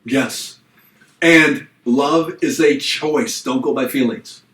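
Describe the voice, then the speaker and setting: Animated storytelling man in an echoey room. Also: mid-range voice, slow pace, recorded from a distance. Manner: animated storyteller acting out quotes. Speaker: podcast co-host. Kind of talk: casual storytelling chat.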